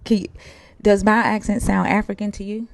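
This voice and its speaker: A woman's voice: medium pitch, little pitch movement, moderate pace, creaky, dry recording. A woman with a Southern US accent hosts a livestream, bluntly and profanely pressing a caller with questions. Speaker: livestream host. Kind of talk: casual debate with callers.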